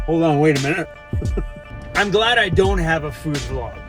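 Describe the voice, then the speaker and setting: A man's voice: fairly high pitch, slow, faint music behind. A Canadian man chatting casually and energetically in a vlog, joking as he goes. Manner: upbeat, jokey, energetic. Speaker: vlogger.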